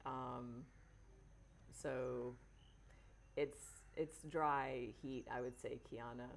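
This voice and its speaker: A woman's voice: rumbling low, fairly even intonation, extremely slow, gravelly. A woman hosting a live healing session, chatting casually and answering viewer comments as they come in.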